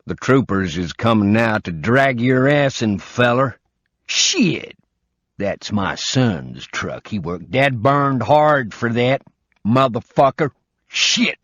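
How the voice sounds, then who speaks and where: A man voicing an old southern American man in his sixties who holds a gun, swearing in a slow drawl. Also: fairly low pitch, lively intonation, gravelly, no echo, pitched above the performer's own voice, exaggerated voice. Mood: shouting angrily. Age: 60s. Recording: dull lo-fi recording.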